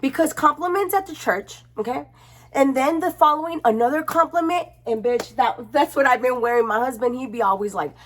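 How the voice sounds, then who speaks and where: A young woman vlogger talks casually and expressively to her camera at home, her slightly high voice bouncing along as she swears freely. The sound is plain, from a camera mic in an indoor room. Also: lively intonation, a little fast. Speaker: beauty vlogger.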